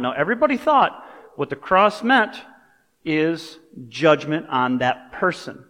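A man delivering a sermon in a relaxed, conversational manner, weaving in personal stories and side remarks. His voice sits at an ordinary middle pitch for a man. The recording carries the long reverb of a large church sanctuary. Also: moderate pace. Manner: conversational, storytelling, with asides. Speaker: pastor.

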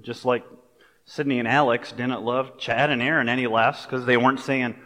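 A man preaching a sermon as a pastor, in a relaxed, conversational way with personal stories and asides. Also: medium pitch, moderate pace. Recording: long reverb of a large hall.

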